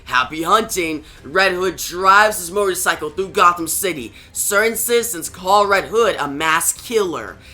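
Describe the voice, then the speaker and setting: Bright-voiced man recapping a comic. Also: high-pitched, moderate pace, hardly any pauses. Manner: steady plot-recap reading. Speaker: comic book reviewer. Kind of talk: reading a comic summary.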